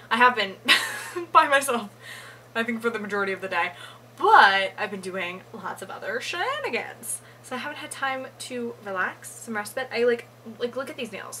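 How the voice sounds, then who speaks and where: Chatty young woman vlogging at home, bright tense voice, swears a lot, faint hiss behind. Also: a little high, poor audio. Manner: chatty, swears freely, laughs often. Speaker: book vlogger. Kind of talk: casual reading vlog chat.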